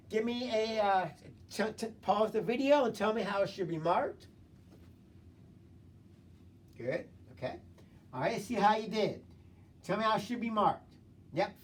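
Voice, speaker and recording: A male teacher giving an online phonics lesson, reading a short story and prompting students with encouraging, repetitive drills. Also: sits high. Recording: voice distant from the mic.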